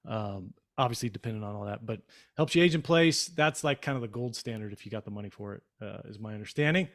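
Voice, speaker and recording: A man co-hosting a financial podcast, chatting casually, then reading quotes slowly and signing off in an upbeat tone. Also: lowish voice. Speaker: podcast co-host. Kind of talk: casual podcast chat and scripted sign-off.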